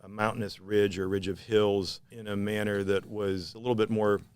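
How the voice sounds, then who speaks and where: Deep smooth voice, painter guy talking slow and thoughtful about his work. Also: little pitch movement, darkish tone, no echo. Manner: measured, thoughtful, reflective. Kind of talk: gallery interview.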